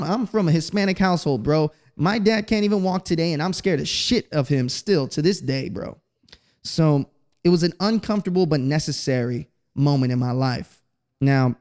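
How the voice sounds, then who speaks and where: A man from Texas hosting a podcast, telling stories in a casual, slangy, profane way. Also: on the high side. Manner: profane, slangy, animated storyteller. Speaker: podcast host. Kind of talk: casual storytelling monologue.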